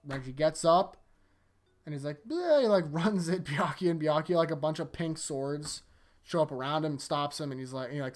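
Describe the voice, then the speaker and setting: A host casually recapping anime episodes, chatty and laughing often, acting out quick character lines while retelling scenes. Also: mid-range voice. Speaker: anime rewatch reviewer.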